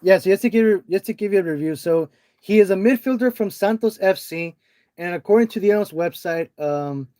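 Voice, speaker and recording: A man's voice: high-pitched, a little fast, mellow. A man co-hosting a casual soccer podcast over an online call, often hesitating and restarting his phrases. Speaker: podcast co-host.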